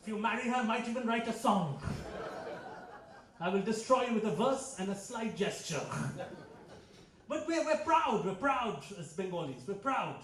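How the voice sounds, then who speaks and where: High-voiced Indian comedian in an echoey hall. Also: male voice, lively intonation, normal speed, long pauses, fairly bright tone, a little hiss or hum. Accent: Indian English. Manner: dry, ironic delivery with frequent self-corrections. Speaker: stand-up comedian. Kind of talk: stand-up comedy set. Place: club hall with a live audience. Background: audience laughter.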